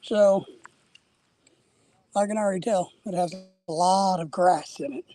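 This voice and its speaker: Man, live-stream host, out of breath, rambling chat, mellow dark tone, dry close sound, outdoors by a lake. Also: high-pitched, unhurried, no echo, faint music behind. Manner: rambling, chatty, greets viewers by name. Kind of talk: casual live-stream chat while fishing.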